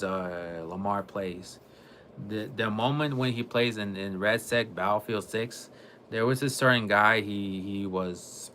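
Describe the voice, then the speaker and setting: Bright-voiced man rambling in a gaming vlog. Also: on the low side, slight background noise. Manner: rambling, repeats himself and restarts often. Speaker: gaming vlogger. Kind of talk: casual monologue to camera.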